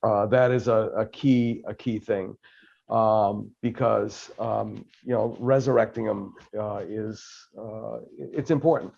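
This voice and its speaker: A man hosts a podcast interview in casual chat, talking haltingly with many fillers and restarts. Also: fairly low pitch, steady tone, creaky, darkish tone, husky, dull audio. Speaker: podcast host.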